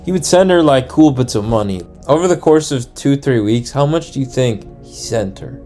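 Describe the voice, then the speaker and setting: A man's voice: mid-range voice, animated, moderate pace, warm tone, faint music behind. A young man casually retelling a true crime story, slangy and profane, acting out the people he quotes. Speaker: storyteller host.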